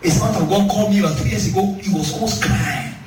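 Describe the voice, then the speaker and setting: A man preaching a sermon, telling animated stories with laughing asides. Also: high-pitched, quick pace. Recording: roomy hall, distant mic, faint music.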